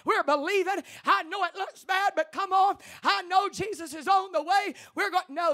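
A woman pastor, preaching a sermon in church with impassioned, rising delivery that builds to shouts. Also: very high voice, moderate pace, few pauses.

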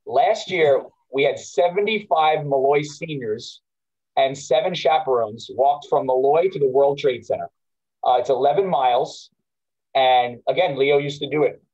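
A man casually reminiscing on a video call, talking in a halting way with frequent restarts. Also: medium pitch, darkish tone, muffled recording. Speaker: alumni walk organizer at a school memorial.

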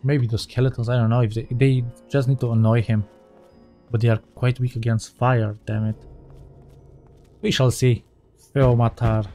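A man talks through his gameplay in a loose, rambling way, often stopping to correct himself. His voice sits at a middle pitch with a mellow, dark tone, and faint game music plays behind him. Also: little pitch movement, moderate pace, pauses often. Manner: rambling, thinking aloud, self-correcting. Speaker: gaming channel host. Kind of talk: let's play commentary.

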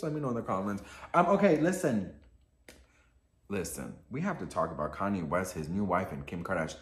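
A man hosting a casual pop culture gossip vlog in a sassy, excitable style. He swears a lot and keeps calling the viewer "girl.". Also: lowish voice, fairly quick, reverberant.

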